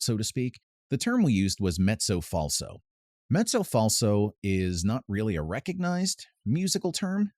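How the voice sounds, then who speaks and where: Low-voiced man teaching singing. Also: a little mellow, no echo. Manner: pedantic, explains with sung demonstrations. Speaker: vocal coach. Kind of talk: casual vocal lesson. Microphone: close mic with added reverb at times.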